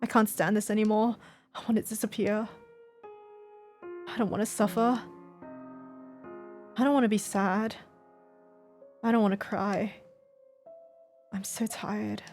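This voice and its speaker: A woman's voice: mid-range voice, level tone, a little slow, pauses often, darkish tone, faint music behind, lightly acted. Woman reading as a despairing, self-hating teenage boy. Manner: despairing, hopeless self-loathing. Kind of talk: voiced visual novel reading.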